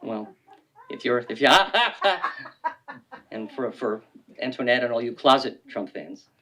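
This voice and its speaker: A man in his sixties reads comic poems aloud at a bookstore event. His delivery is wry and dry, and it jumps now and then into loud, high outbursts. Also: very animated, slow pace. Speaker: poet. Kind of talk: live poetry reading. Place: bookstore reading.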